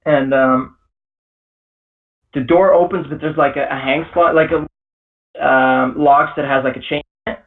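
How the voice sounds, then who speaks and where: Hesitant game master with a distant mic. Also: male voice, a little high, steady tone, measured pace, long pauses, narrow, tinny audio. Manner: hesitant, filler-heavy, laughs often. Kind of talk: narrating a tabletop game.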